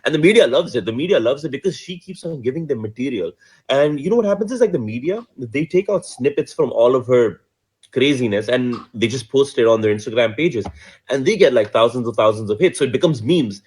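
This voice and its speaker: A man from Pakistan, casually retelling a news story, animated and laughing often. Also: medium pitch, fairly quick, slightly rough. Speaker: commentator.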